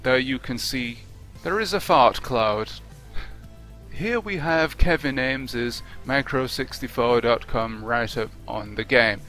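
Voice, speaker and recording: A man's voice: medium pitch, sharp tone. A man narrating an unscripted video game review in a wry, conversational way.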